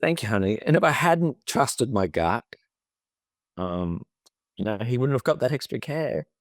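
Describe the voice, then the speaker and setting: A man's voice: medium pitch, sing-song, unhurried, no echo, clean studio sound. A man, co-hosting a podcast as a therapist and telling a personal story in an emotive, chatty way. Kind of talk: casual conversation.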